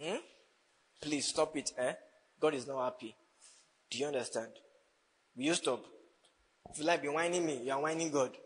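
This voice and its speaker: A man's voice: fairly high pitch, normal speed, long pauses, in a large hall, slight background noise, low-quality recording. A man preaching a sermon as a pastor, teasing his congregation and laughing often. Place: church hall.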